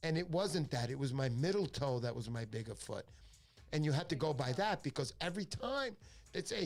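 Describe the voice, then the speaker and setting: A man's voice: on the high side, expressive, fairly quick. A middle-aged man, hosting a fishing livestream in casual chat, joking and rambling through his stories. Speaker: fishing show host.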